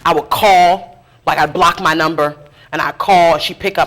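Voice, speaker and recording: A middle-aged woman who organizes around food justice tells her story in a live interview, talking candidly, with lively asides and laughter at herself. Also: sits low, normal speed. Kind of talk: conversational storytelling in a public interview. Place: live interview event before an audience.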